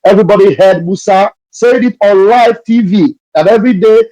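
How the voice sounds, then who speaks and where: A man moderating a live audio session, speaking haltingly with many pauses and fillers. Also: high-pitched, dark tone, no echo, poor audio.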